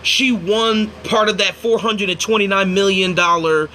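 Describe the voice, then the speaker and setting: Here a young Indiana host on a relaxed livestream has a voice that sits high, moving at a normal pace with a bit of hiss or hum behind it. He spins stories with energy, voicing the quotes himself and stopping mid-story to thank those watching.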